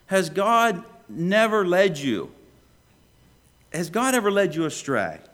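A man preaching a sermon in a church, swinging between loud questions and hushed low lines. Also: big pitch swings, takes it slowly. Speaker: pastor.

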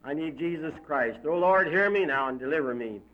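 A man's voice: fairly high pitch, lively intonation, a little fast, close to an everyday voice. A man doing a sobbing, pleading damned man. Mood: desperate. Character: terrified damned man begging for mercy. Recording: dull lo-fi recording.

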